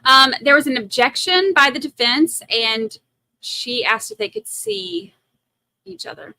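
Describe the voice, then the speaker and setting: Woman, livestream host, high voice, animated, self-teasing jokes, dry close sound. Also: a little slow, vocal fry, dry recording, rough recording. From Massachusetts. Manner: jokey, self-teasing, reads viewer comments aloud. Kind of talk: casual livestream chat.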